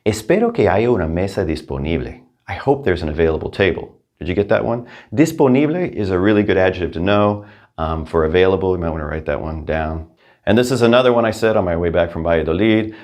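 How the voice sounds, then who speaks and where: A man's voice: sits low, a little mellow. A man teaching a language lesson, upbeat, saying each practice sentence twice. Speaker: Spanish teacher.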